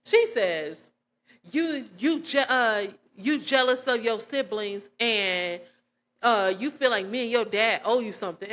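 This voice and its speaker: A young woman, telling a personal testimony in a casual, animated way and acting out quoted dialogue. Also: a little high, a little slow. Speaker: vlogger.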